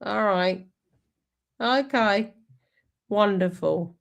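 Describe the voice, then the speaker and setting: Slow, sweary, ranting woman. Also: medium pitch, creaky. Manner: angry, sweary, sarcastic ranting. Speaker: streamer reacting to a speech. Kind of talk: ranting commentary over a played clip.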